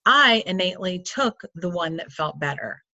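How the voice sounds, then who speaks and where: A woman's voice: on the low side, lively intonation, moderate pace, pushed and bright, no room sound. A woman from Florida who works with clients, telling a personal story in a candid, chatty way full of asides. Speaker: coach or counselor. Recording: dull lo-fi sound.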